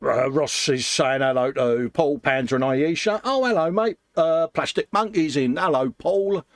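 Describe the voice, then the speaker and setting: A man's voice: on the high side, moderate pace, no room sound. A man hosting a casual livestream chat, greeting viewers and calling them mate. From England. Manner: chatty, warm greetings to viewers, calls people mate. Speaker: livestream host.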